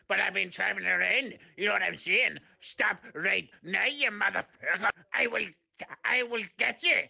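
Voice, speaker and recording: Retro male comic, put on by an impressionist: harsh, husky, brash banter. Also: mid-range voice, heavily acted. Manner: loud, rambling, aggressive banter.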